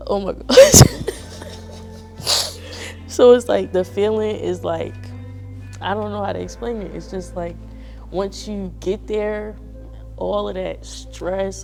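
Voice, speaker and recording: A woman's voice: mid-range voice, creaky, a little mellow. A young woman in her early twenties, a graduating college student, giving a heartfelt, conversational testimonial. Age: early 20s. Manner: earnest, heartfelt, conversational with many "like"s. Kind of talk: personal testimonial talk.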